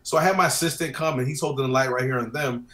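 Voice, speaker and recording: Man, casual chat, storytelling, acts out quotes, mid pitch, roomy sound. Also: fast talker, fairly bright tone. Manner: chatty storyteller, acts out clients' lines. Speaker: wedding photographer guest. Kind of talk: casual talk about photo technique. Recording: roomy echo.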